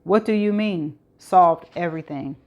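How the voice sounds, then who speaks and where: A woman voicing a desperate young man who pleads and strains to sound calm. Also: fairly low pitch, unhurried, close to an everyday voice. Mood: desperate pleading.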